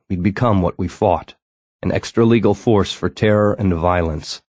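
Brooding male narrator for a first-person novel, deep voice, dry close sound. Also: a little mellow, no echo. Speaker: audiobook narrator.

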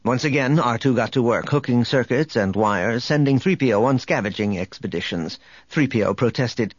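A man narrating an audiobook in an expressive storytelling manner. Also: medium pitch, normal speed, few pauses, no echo, highs cut off. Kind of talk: scripted narration.

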